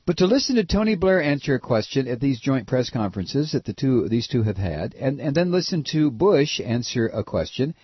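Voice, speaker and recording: A man's voice: very animated, normal speed, few pauses, slightly rough, no room sound, lo-fi sound. Sarcastic ranting American talk radio man. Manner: sarcastic, mocking, swings from shouting rants to low muttered asides. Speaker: political talk radio host. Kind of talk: opinionated talk radio monologue.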